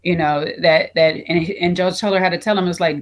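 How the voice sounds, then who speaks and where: A woman's voice: fairly low pitch, fairly even intonation, normal speed. Woman, podcast co-host, casual recap, chatty, many fillers. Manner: recounting scenes conversationally with many fillers. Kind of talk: casual review chat.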